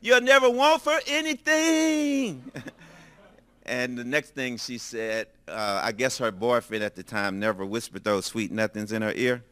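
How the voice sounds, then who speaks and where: An older man preaching, telling a personal story in a lively way and acting out the dialogue. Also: lowish voice, normal speed, clear, resonant tone. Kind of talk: storytelling sermon.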